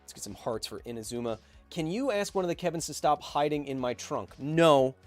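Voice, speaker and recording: A man's voice: on the high side, animated, fairly quick, faint music behind. A man hosting a casual livestream, reading out viewer donations and answering them with playful, self-mocking jokes.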